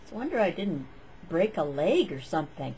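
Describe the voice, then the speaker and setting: A woman's voice: on the low side, very animated, a little fast, dark tone, a little hiss or hum, low-quality recording. A woman telling a story in a casual vlog, chatty and meandering, full of "like" and "um".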